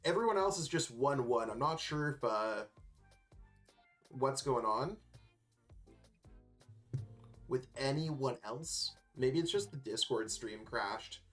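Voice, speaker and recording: A man in a middle-pitched voice co-casts a card game stream late at night, chatting in a loose, drowsy way with plenty of pauses and ums. Faint music sits underneath. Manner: relaxed, sleepy, chatty with hesitations. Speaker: esports co-caster. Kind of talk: casual game commentary.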